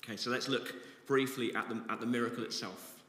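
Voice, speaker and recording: A man's voice: mid-range voice, fairly even intonation, fast, fairly bright tone. A man preaching a sermon as pastor, earnest and reflective, rising to passionate emphasis. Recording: echoey hall with long reverb.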